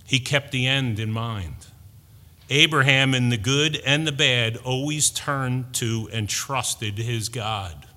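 A middle-aged man preaching a sermon, slow and deliberate, building to emphatic peaks. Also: mid-range voice, sharp tone, long reverb tail.

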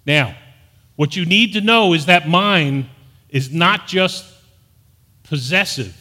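Middle-aged guy preaching, kinda high voice, big echoey church hall, gets fired up. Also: expressive, slow pace, sharp tone. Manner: earnest preaching, rising to emphatic peaks. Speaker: pastor. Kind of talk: sermon. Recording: long hall reverb.

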